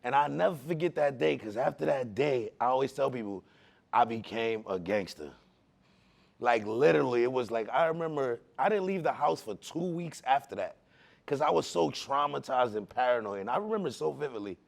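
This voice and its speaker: Gravelly-voiced man telling his own story. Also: mid-range voice, brisk. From the Bronx, New York. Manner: animated street slang, acts out voices in his stories. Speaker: speaker giving a personal testimony. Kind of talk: personal testimony storytelling.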